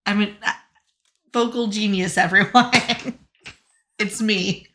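Female podcast co-host, bright tone, animated recap with quick character voices. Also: medium pitch. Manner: lively, acts out characters' lines in quick voices. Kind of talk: casual chat, recapping with acted quotes.

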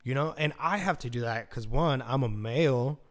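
A podcast host with a medium-pitched voice and moderate pace delivers a casual, rambling monologue. He swears freely and scatters fillers throughout.

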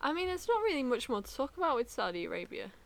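A young woman co-hosting a podcast, chatting casually in an excitable, laughing way. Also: high-pitched, quick pace, creaky. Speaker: podcast co-host. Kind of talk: casual chat.

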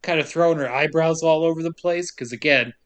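A man with a slightly raised pitch tells a movie's plot as a running comedy bit. He curses casually and acts out snatches of the characters' dialogue along the way. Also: a little fast, a bit bright. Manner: profane, joking, acts out characters' lines. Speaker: podcast co-host.

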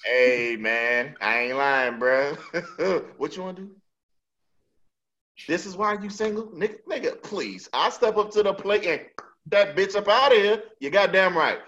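A man co-hosting a podcast in casual banter, an animated storyteller who laughs a lot and acts out the lines he quotes. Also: sits high, measured pace. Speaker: podcast co-host. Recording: dull lo-fi sound.

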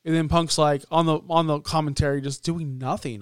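A man co-hosting a casual wrestling podcast, talking in an animated way and acting out quotes in a raised voice. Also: a little high, a little fast, clean tone, dry recording, studio quality. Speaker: podcast co-host.

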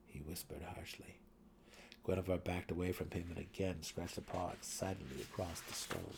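A man giving a dramatic reading of a fantasy novel, swelling louder and sinking to hushed tones, with a husky voice. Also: sits low, fairly even intonation, moderate pace, a little hiss or hum. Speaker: audiobook narrator.

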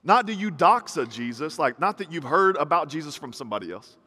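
A man's voice: a little high, very animated, fairly quick, pushed and bright. A man in his thirties preaching a sermon in a conversational style, with punchy repeated phrases. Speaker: pastor. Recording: reverberant hall.

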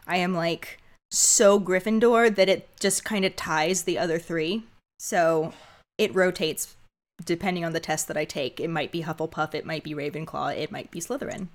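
A woman's voice: lowish voice, steady tone, moderate pace. A young woman guest on a podcast, chatting with fan enthusiasm. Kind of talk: casual chat.

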